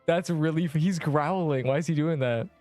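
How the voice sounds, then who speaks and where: A hoarse young man casually chatting and joking while live-streaming a game. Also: on the high side, darkish tone, dry recording, faint music behind. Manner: joking, chatty, quick to laugh.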